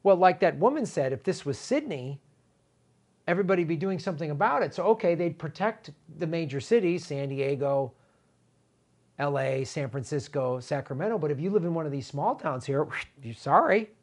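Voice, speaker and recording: A middle-aged man hosting a political commentary show, talking in an animated, indignant way with emphatic repetitions. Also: a little high, moderate pace.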